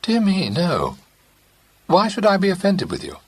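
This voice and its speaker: A man doing a flustered young woman, high and husky. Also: wildly swooping pitch, full character voice. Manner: evasive, quick to protest.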